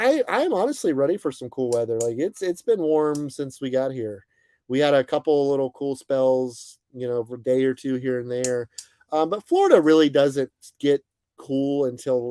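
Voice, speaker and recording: A young man hosting a casual livestream, greeting viewers by name and chatting in a relaxed, friendly way with plenty of fillers. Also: medium pitch, dry recording. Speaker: livestream host. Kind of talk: casual chat reading viewer comments. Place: bus, indoors.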